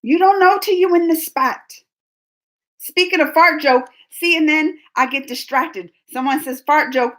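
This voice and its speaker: High bright chatty woman in her forties. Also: measured pace. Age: 40s. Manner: chatty, animated, laughs often, rambling. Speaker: livestream host reading chat. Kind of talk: casual live chat.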